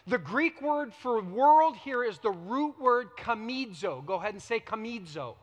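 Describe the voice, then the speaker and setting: A man preaching a sermon as a pastor, emphatic, with dramatic pauses and repetition. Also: very high voice, animated, long reverb tail. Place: church sanctuary.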